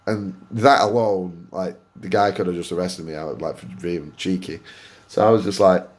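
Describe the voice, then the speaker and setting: Low-voiced Manchester-accented man telling a story. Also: moderate pace. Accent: Greater Manchester English. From Oldham, England. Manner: animated, swears freely, laughs at himself. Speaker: gaming channel host. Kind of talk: casual storytelling vlog.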